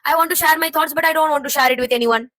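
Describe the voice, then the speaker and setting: Her voice sits high and fairly bright, and she talks very fast. The young vlogger is venting to camera, her thoughts muddled and rambling, sounding frustrated, confused and heavy-hearted, on a low-quality recording.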